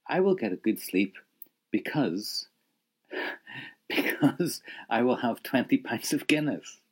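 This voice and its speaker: A man with a mid-range, husky voice speaks slowly but with a lot of animation. He's a language teacher running a spoken lesson, patiently prompting the listener to repeat phrases and praising every answer.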